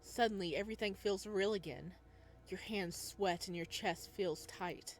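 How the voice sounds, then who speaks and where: A woman playing a game, reading its narration aloud and reacting excitedly, talking back to the character. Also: mid-range voice, unhurried. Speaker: game player.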